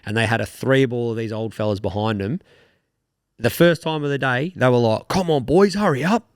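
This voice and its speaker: This podcast co-host is a young Australian man whose mid-range voice comes across clean and fairly quick. He rambles along in laid-back casual conversation, cursing now and again, captured in a dry, clean studio recording.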